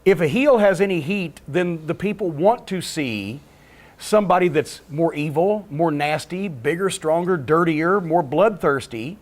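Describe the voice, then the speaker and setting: Profane, ranting man with a higher voice. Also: lively intonation. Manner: profane, emphatic, rapid-fire ranting. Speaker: podcast guest. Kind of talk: storytelling podcast chat.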